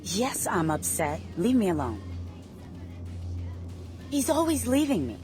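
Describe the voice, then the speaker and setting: A woman's voice: mid-range voice, huge pitch swings, slow pace, over music. An actress playing a clingy young girlfriend who complains and whines. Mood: sulky. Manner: whiny, complaining.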